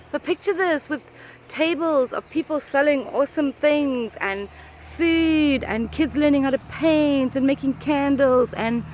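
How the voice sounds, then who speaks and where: A woman with a slightly high voice co-presents a travel vlog outdoors. She explains things to the camera in an upbeat, eager manner. Faint outdoor ambience runs underneath. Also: darkish tone, slight background noise. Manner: upbeat, enthusiastic, quick to laugh. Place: outdoors on a garden estate.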